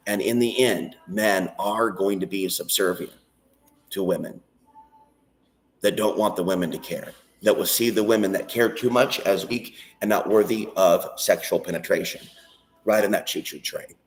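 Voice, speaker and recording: Intense ranting low-voiced man. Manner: intense, ranting, swears freely. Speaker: channel host. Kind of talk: rambling spiritual monologue and prayer. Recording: echoey.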